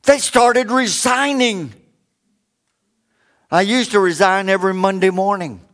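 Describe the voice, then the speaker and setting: A middle-aged male pastor delivers a sermon at an unhurried pace. His voice sits fairly high, climbing when he drives a point home and sinking low for joking asides. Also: fairly bright tone. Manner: swings from raised preaching to low joking asides.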